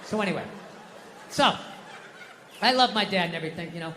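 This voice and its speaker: Guy doing standup, sharp forceful voice, swearing and ranting, big echoey live venue. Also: high voice, animated, fairly quick, a faint crowd, a little hiss or hum. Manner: profane, ranting, rising into mock-furious shouts. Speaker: stand-up comedian. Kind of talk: stand-up comedy set. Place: large outdoor stage in the wind. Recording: live venue with long reverb, faint ambience.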